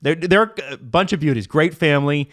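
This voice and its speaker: A man co-hosting a podcast in casual chat, animated as he runs the segments. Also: fairly high pitch, brisk, no echo, clean studio sound. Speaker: podcast co-host.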